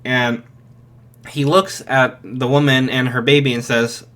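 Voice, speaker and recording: A man's voice: medium pitch, flat delivery, unhurried, a bit bright. A man casually improvising a fan story, narrating with many fillers and restarts.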